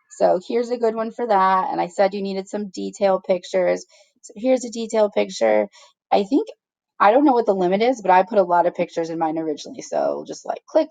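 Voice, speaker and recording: A woman's voice: mid-range voice, gravelly, darkish tone, no room sound. A woman teacher giving a patient, step-by-step screen-recorded tutorial, checking in with her students as she goes.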